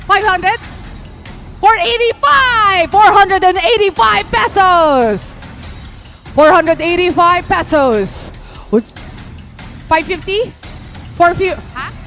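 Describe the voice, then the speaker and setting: High-voiced Filipino woman auctioneer. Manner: energetic, playful, rapid bid calling. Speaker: auctioneer host. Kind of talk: live event auction calling. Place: live esports event venue.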